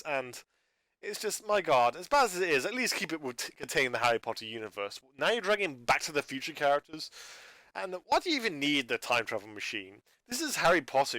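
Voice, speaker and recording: A man's voice: fairly high pitch, sharp tone, no room sound. A man talking in an unscripted rambling monologue, stumbling and restarting his sentences as he rants in exasperation about a video channel. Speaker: YouTuber reviewing a channel.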